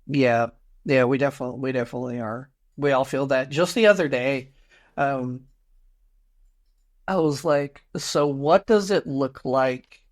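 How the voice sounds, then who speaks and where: A man's voice: mid-range voice, measured pace. Man, podcast co-host, casual musing talk, mid-range voice. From United States. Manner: musing, rhetorical "right?" tags. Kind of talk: casual discussion.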